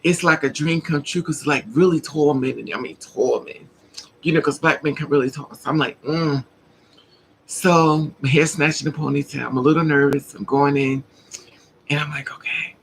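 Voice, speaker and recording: A woman's voice: sits low, slight background noise, poor audio. A woman vlogger casually telling a personal story to her viewers, acting out the dialogue and laughing often.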